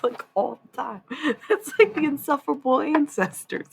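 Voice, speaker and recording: A woman streamer chatting casually, rambling and swearing, swinging between loud and hushed. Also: high voice, slow pace, creaky, long pauses, a little hiss or hum. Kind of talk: casual live-stream chat.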